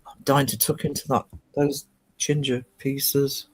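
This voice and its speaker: A woman's voice: a bass voice, flat delivery, measured pace, breathy edge. A woman from northeast England chatting on a casual livestream, reading out viewer comments and rambling with lots of ums and restarts. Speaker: live streamer.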